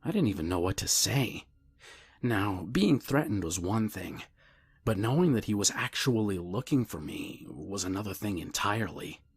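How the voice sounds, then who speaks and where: A man narrating a scary story in a calm, measured storytelling voice, sometimes dropping to a hushed whisper. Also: fairly low pitch, slightly rough. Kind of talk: scripted horror story narration.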